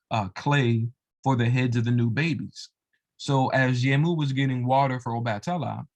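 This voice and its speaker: A man retelling a devotional folk tale in a loose, casual way, with lots of fillers and asides. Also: medium pitch. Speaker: storyteller of religious tales. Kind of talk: casual oral storytelling.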